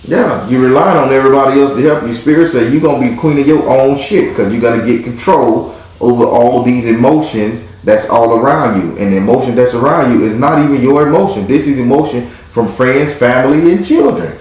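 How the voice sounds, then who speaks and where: A man's voice: mid-range voice, fairly quick, darkish tone. Male tarot reader, brash and profane, mid-range voice, very echoey recording. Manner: blunt, profane and hyped up. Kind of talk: live tarot reading. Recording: very echoey room.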